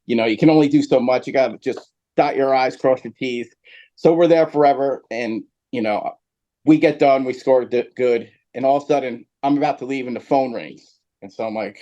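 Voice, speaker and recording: A man from New Jersey tells a long story as a podcast guest, rambling and animated, with lots of fillers. His voice sits at a middle pitch. The recording sounds a bit dull and lo-fi. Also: brisk. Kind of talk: storytelling in casual chat.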